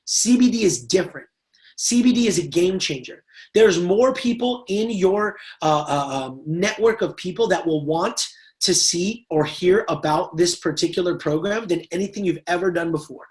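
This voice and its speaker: A man leading a network marketing team training, energetic and chatty, acting out little quoted exchanges and checking in with "right?" and "okay?". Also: high voice, normal speed. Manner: energetic, acts out quoted voices, says "right?" and "okay?" often. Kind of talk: motivational training talk.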